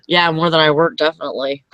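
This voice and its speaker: A woman's voice: deep voice, fairly even intonation, a little fast, a bit bright, no echo. A woman co-hosting a live morning stream, bantering casually and laughing easily. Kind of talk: casual chat.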